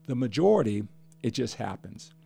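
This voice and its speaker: A man's voice: medium pitch, big pitch swings, moderate pace, vocal fry, mellow, slightly rough. An older man hosting a fitness podcast, talking passionately and emphatically and stacking up repeated phrases. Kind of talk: podcast monologue.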